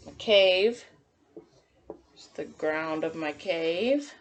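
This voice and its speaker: Woman, kindergarten teacher, unhurried, encouraging, narrating as she draws. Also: fairly low pitch, muffled recording, slight background noise. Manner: gentle, encouraging, narrates while drawing. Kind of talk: drawing lesson for young children.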